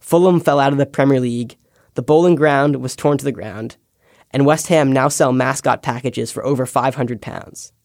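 A man's voice: mid-range voice, moderate pace, gravelly, a little mellow, no echo. A young man from the United States reads his own essay with a wry, storytelling touch. His voice sits in a middle range and is recorded close and dry, with no room sound around it. The delivery is scripted but personal. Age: young adult. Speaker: podcast intern.

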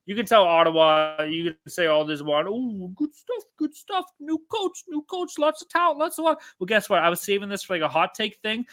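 A man co-hosting a hockey betting podcast, ranting loudly with constant profanity and brash trash talk. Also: sits high. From Canada. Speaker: podcast co-host. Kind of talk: profane sports betting rant.

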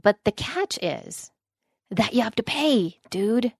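A woman co-hosting a podcast in casual chat, chatty and excitable, often saying "dude". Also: a little high, slow pace, vocal fry, breathy edge, no echo, clean studio sound. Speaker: podcast co-host.

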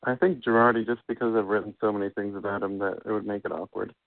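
Gravelly low man, dry and wry. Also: fairly even intonation, fast, no echo. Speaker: podcast co-host. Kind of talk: casual chat. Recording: dry tinny phone-like sound.

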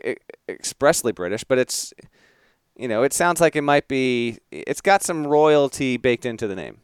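A man's voice: medium pitch, lively intonation, moderate pace, clean tone, no echo, clean studio sound. A man co-hosting a casual sports podcast, playful and quizzing his co-host with trivia.

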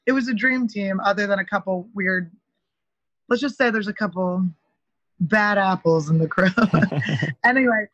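A woman comedian chatting as a podcast guest, telling a long story in an animated way with lots of "like". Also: mid-range voice, a little slow, no room sound, dull audio. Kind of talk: casual podcast chat.

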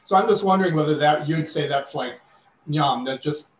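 A man's voice: on the high side, moderate pace. A man asking a question in a live online class, hesitant and searching for words, on a video call. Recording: roomy distant mic with faint noise.

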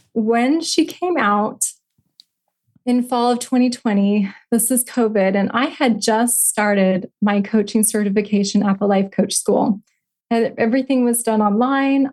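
Earnest middle-aged woman life coach. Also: fairly high pitch. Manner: earnest, heartfelt, gently instructive. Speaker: podcast guest, life coach. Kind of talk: personal storytelling and coaching talk.

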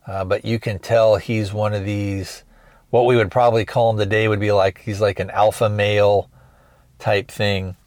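Low-voiced man recapping a movie. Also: level tone, normal speed, darkish tone, dry recording. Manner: rambling, hesitant retelling with many restarts. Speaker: podcast host. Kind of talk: casual movie review recap.

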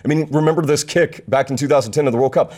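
A man's voice: on the high side, mellow. A man co-hosting a casual sports podcast, delivering a fired-up rant and laughing at himself. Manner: fast, fired-up, self-deprecating. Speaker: podcast co-host. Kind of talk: casual sports chat, ranting.

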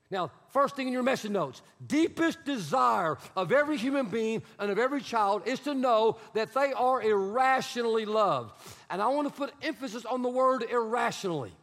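A man's voice: sits high, fairly bright tone. A man pastor preaching a sermon in a church sanctuary, conversational and emphatic, repeating his key phrases. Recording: long hall reverb.

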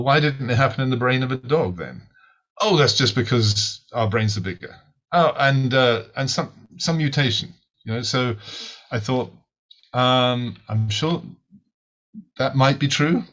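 A British podcast guest and author gives an explanatory interview answer in a lecturing style, often checking in with "right?" and repeating words as he starts sentences. His voice is mid-range and fairly bright, in British English. The recording is muffled and lo-fi.

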